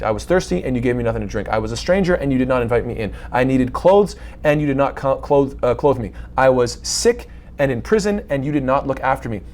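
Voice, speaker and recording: A man's voice: medium pitch, a little mellow. A man giving a lecture, reading scripture passages aloud and commenting on them with rhetorical questions. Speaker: Islamic lecturer.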